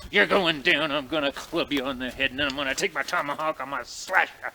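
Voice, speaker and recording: A man voicing a tough, defiant frontiersman who talks gruff and threatening, outdoors in snowy woods. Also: medium pitch, fairly even intonation, a little fast, sharp tone, a little hiss or hum, lightly acted.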